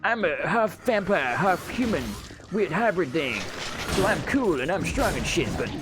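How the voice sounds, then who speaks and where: A man's voice: high voice, sing-song, moderate pace, over music, voice pushed up. A man putting on a sulky, defiant teenage half-vampire boy in a mocking voice.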